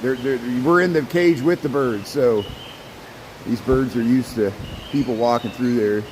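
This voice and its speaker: Man, casual tour vlogger, greets animals, rambling and repetitive, mid-pitched, noisy handheld sound. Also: measured pace. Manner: chatty, talks to the animals, trails off and repeats words. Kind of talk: casual walking tour narration. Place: indoor zoo birdhouse.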